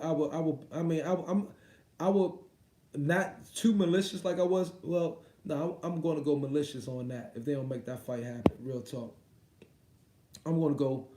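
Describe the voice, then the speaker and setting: Dude ranting about boxing on a live stream, cussing a lot, slightly high voice, echoey room. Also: male voice, noisy background. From United States. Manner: profane, rambling, lots of repeats. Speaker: boxing livestream host. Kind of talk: casual livestream rant. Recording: roomy echo.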